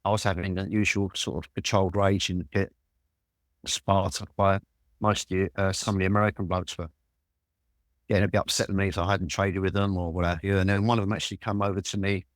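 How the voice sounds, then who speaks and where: A London man in his sixties telling lively stories as a guest in an interview, swearing freely. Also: sits low, a little fast, no echo, clean studio sound. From Walthamstow, London.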